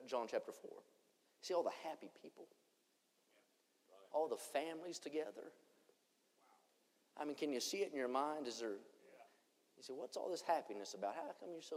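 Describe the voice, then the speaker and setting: A man preaching a revival sermon, swinging between shouted lines and hushed ones. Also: mid-range voice. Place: church conference hall. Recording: long church hall reverb.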